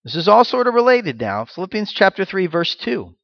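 A man's voice: high voice, sing-song, a little fast, creaky, dry recording. Man, pastor, sermon, rhetorical questions, dry close sound, lo-fi. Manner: teaching with rhetorical questions and repeated phrases.

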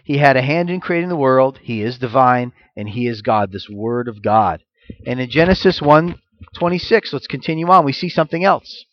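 A man preaching a sermon as a messianic rabbi, reading scripture and drawing out key words slowly for emphasis. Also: mid-range voice, expressive, highs cut off. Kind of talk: sermon teaching.

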